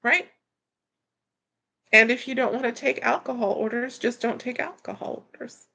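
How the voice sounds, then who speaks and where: A woman from Florida, US, hosts a casual livestream, reading viewer comments aloud and rambling through her answers with frequent restarts, repeating words as she starts over. Her voice is on the high side, creaky and sharp in tone, at normal speed.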